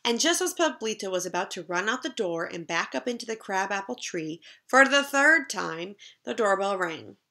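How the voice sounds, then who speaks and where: A woman teacher reading a chapter book aloud to young children in a slow, expressive storytelling way. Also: mid-range voice.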